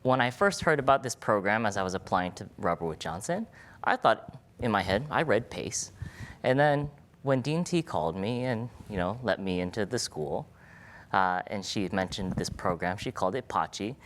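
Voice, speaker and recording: A man in his twenties, a medical student giving a playful, energetic live talk to an audience in an event room. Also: on the low side, normal speed, a little hiss or hum.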